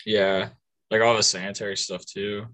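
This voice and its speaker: Bright-voiced young man, giggly chat. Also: on the low side, level tone, normal speed. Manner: laughs often, hesitant, trailing off. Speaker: college student. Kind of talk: casual chat.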